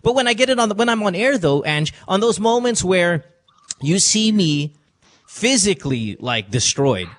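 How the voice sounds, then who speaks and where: In a radio studio, a man hosts a call-in podcast, his voice high-pitched, very animated and a bit bright at a moderate pace. He gives emotional advice in an earnest, confessional way, repeating himself as he goes.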